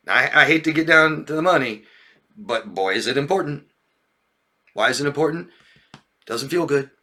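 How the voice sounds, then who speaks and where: Bright-voiced male coach, animated. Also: on the high side, husky. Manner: animated, acts out friends in raised mocking voices; frequent laughs and checks like "yeah?" and "right?". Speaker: relationship coach. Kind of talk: casual talk to viewers.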